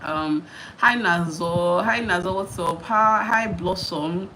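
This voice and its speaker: Speaking slowly in a fairly low, bright, forceful voice, a Nigerian YouTuber in her thirties runs a live Q&A. She answers viewers casually, laughing frequently and repeating herself, with noisy live-stream sound.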